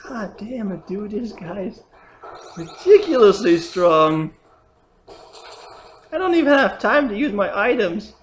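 Young gamer with loud, swearing outbursts. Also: mid-range voice, expressive, slow, long pauses. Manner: swings between muttering and loud cursing outbursts. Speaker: gamer playing a Pokémon challenge run. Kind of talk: live let's-play commentary. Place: home room. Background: faint noise, dogs at times.

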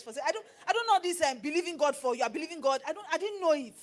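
A middle-aged Nigerian woman preaching on marriage, animated and slipping into pidgin with acted asides. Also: high voice, quick pace. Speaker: pastor and marriage counselor. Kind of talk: sermon.

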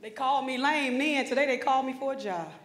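A woman's voice: high voice, fast talker, a bit bright. A woman giving an emphatic, preacherly motivational speech, talking directly to students. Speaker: motivational speaker. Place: conference hall stage. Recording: echoey hall.

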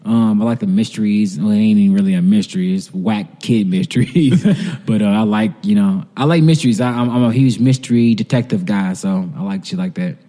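A man's voice: lowish voice, brisk, dark tone. Profane rambling man in a reverberant room. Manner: profane, rambling, laughs while retelling scenes. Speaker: podcast co-host. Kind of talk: casual chat.

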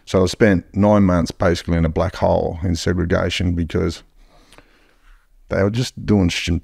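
A man's voice: low voice, flat delivery, normal speed, gravelly, darkish tone, husky, no echo, studio quality. An Australian man telling stories as a podcast guest in a blunt, heavily profane way. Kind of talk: casual storytelling.

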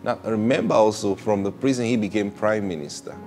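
A man preaching a sermon, swinging between loud exclamations and hushed, slow asides, and acting out prayers and conversations. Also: fairly low pitch, faint music behind. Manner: acts out prayers and conversations in changed voices.

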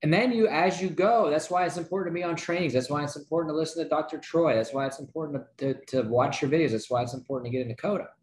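A man giving a motivational sales training talk, energetic, with rhetorical questions and frequent checks like "right?" to his listeners. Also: fairly high pitch, fast, few pauses, roomy sound, slight background noise.

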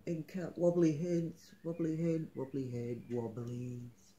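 A woman giving a casual home video tour of her collection, naming the items one by one in a halting way. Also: low voice, lively intonation, dark tone, a little hiss or hum.

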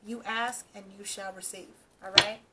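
A woman's voice: medium pitch, fairly even intonation, moderate pace, very noisy. A woman doing a casual tarot reading for her channel, talking straight to the viewer and reassuring them, often checking in with "okay" and "all right". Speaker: tarot reader.

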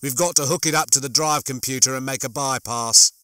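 Figure: male ship's computer. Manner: urgent, shouting. Tone: bright; a man plays it. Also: medium pitch, steady tone, fairly quick, clear, resonant tone, dry recording, lightly acted. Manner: loud, urgent announcing.

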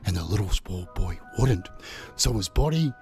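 A man telling a crude, mocking fairy tale, playful and unhurried, with chuckles between lines. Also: low-pitched, animated, a little mellow, soft background music. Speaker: storyteller and channel host. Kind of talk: crude comic storytelling.

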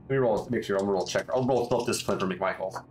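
A man's voice: lowish voice, fast talker, darkish tone, soft background music. A man narrating as game master in a rambling way, with lots of restarts. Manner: rambling, many fillers and restarts.

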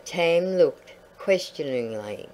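A woman reading a storybook aloud in a calm, measured way. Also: low voice, rough recording.

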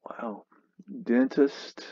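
A man hosting a casual photo tour, slowly musing and exclaiming at what he sees. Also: mellow, no room sound, in a whisper, lo-fi sound. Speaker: host narrating a photo tour. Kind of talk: casual commentary over photos.

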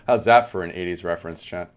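A young man giving chatty live game commentary, talking to his chat as he plays. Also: low-pitched. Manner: chatty, animated, talks to chat. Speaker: streamer.

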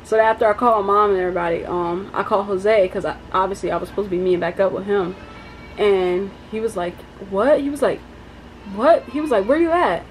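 A young woman telling a story in a casual vlog, chatty and animated, with lots of fillers. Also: mid-range voice, a little fast, rough recording. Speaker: vlogger. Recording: faint background noise.

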